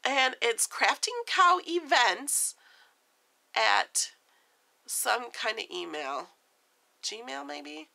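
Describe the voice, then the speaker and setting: A woman vlogger talks in a high, bright voice that swoops up and down a lot. She rambles in a giddy, scattered way, jittery and overstimulated, and laughs at herself as she goes. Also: sing-song, very slow, creaky, long pauses. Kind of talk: casual vlog chat.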